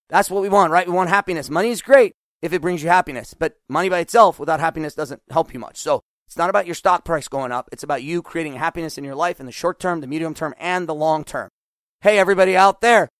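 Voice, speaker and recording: Animated podcast host guy, kinda high voice, dry close mic, coaching his listeners. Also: dry recording. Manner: energetic, animated, acts out quoted voices. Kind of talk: solo podcast monologue.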